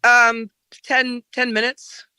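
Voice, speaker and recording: Woman with rhode island accent, bright tone, fairly high, dry close sound. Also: flat delivery, takes it slowly, no echo. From Rhode Island, USA. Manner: chatty storyteller, tells local tales. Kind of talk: casual group chat.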